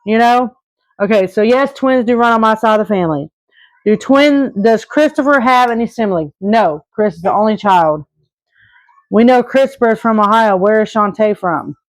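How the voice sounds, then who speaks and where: Her voice is fairly high and her pace moderate, recorded with no room sound but in low quality. She's a thirtysomething woman from Arkansas answering viewers' questions casually, earnest yet rambling, with lots of restarts and filler words.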